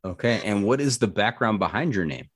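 A man's voice: fairly low pitch, animated, brisk, slightly rough, dry recording, clean studio sound. A man hosting a podcast interview, chatty and joking, often stumbling over his words. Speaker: podcast host. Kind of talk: casual interview.

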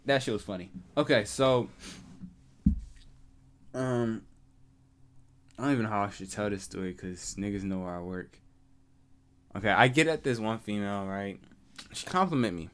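Telling stories on his solo podcast, a young man keeps things casual and full of slang, breaking into laughter often. His pitch is fairly low and his tone fairly bright.

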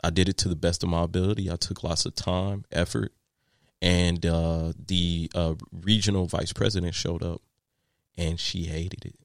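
Guy, real deep voice, talks with lots of uhs, dry recording. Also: normal speed, no echo. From Texas. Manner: animated, repeats words and fillers while telling a story. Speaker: guest, landscaping business owner. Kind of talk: casual storytelling in an interview.

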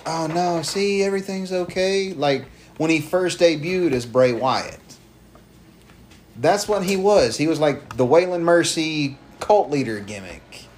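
A man co-hosting a casual podcast, rambling and swearing freely as he pitches ideas. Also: expressive, a little mellow, slight background noise. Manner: profane, rambling, acts out promos in quick voices. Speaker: podcast co-host.

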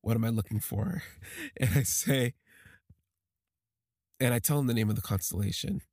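A man telling a personal story on a podcast, halting and emotional, with many restarts. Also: mid-range voice, very animated, darkish tone, no room sound, clean studio sound.

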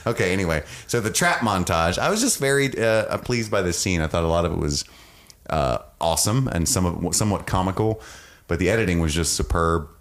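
A man's voice: low-pitched, expressive, brisk. A man co-hosting a podcast, recapping a TV episode in casual chat, joking and laughing often. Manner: jokey, acts out scenes in silly voices, laughs often. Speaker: podcast co-host.

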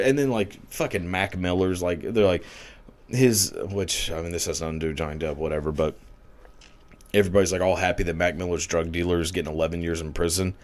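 A man's voice: on the low side, darkish tone. A man delivering a crude, sarcastic comedic rant, swearing freely and leaning on "like" as filler.

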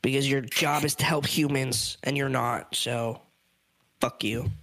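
Young trans man, podcast host, casual, swears freely, laughs a lot, medium pitch, dry close sound. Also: fairly even intonation, unhurried, fairly bright tone, no echo. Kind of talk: casual chat.

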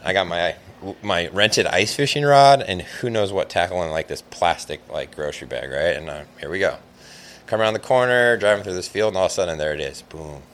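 A man telling a long fishing story in casual chat, rambling and animated, with lots of "like" fillers. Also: sits low, fairly quick. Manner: rambling, animated, heavy use of "like".

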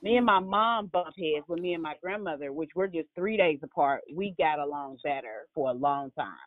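A woman in casual group chat, telling lively family stories and acting out the voices of relatives. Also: sits low, normal speed, dry recording. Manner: animated storyteller, acts out family members' voices. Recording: tinny phone-like line.

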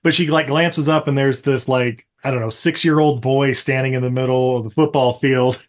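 A man's voice: medium pitch, steady tone, normal speed. A man hosting a podcast, casually recapping a movie with lots of laughs and swearing, slipping into silly character voices. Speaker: podcast host.

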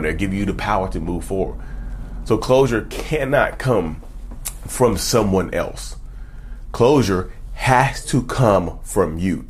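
Husky, animated man giving advice. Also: fairly low pitch. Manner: emphatic, preachy, piles up rhetorical questions. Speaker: self-help YouTuber. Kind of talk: casual direct-to-camera advice talk.

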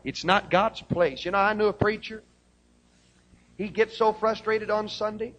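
A man preaching a revival-style sermon, his voice high-pitched and ringing bright. He swings from calm storytelling up to shouted praise, full of conviction. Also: a little slow, muffled recording. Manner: fervent preaching, rising to shouted hallelujahs. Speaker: pastor. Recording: old 1970s live sermon tape.

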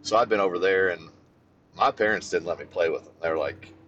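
A man co-hosting a podcast, telling a childhood story in casual chat, swearing freely, and getting animated as he goes. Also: brisk, lo-fi sound, a little hiss or hum. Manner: animated, swears freely, voice jumps high when excited. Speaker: podcast co-host.

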